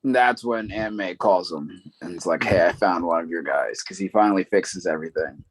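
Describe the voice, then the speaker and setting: On a roughly recorded podcast with no room sound, a male co-host with a low voice chats casually at a moderate pace. He rambles through a plot recap, full of fillers and asides.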